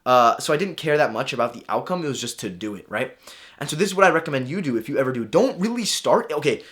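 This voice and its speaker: A young man telling a story in a casual, animated way, acting out his own thoughts as he goes. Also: mid-range voice, fast. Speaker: vlogger.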